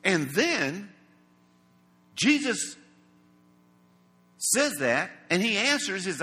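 A man's voice: high-pitched, very animated, takes it slowly, long pauses, bright, forceful tone, husky. A man preaching a sermon in an emphatic, dramatic way, acting out the quoted lines. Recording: long hall reverb.

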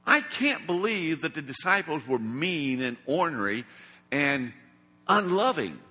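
A man's voice: fairly high pitch, big pitch swings, unhurried, sharp tone. A man preaching a sermon in an emphatic, dramatic way, acting out the quoted lines. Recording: long hall reverb.

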